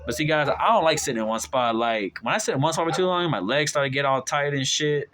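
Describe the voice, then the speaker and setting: A man's voice: fast talker, background noise. A young man talks straight to his viewers in a loose, rambling way. He piles up fillers and restarts and keeps dropping irritated asides. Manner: voices his own quoted retorts in a sharply raised pitch. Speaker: vlogger telling a work story. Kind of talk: casual storytelling to viewers.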